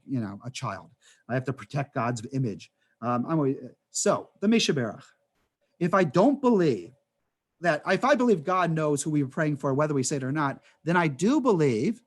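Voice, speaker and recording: Rabbi teaching an adult class on a video call, higher male voice, chatty storyteller, full of rhetorical questions. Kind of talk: conversational class talk over video call.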